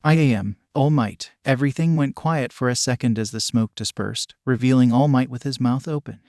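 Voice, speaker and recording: A man narrating a story in a steady, even reading voice. His pitch sits in an ordinary middle range. The recording is dry and close, with no room sound. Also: brisk, no echo.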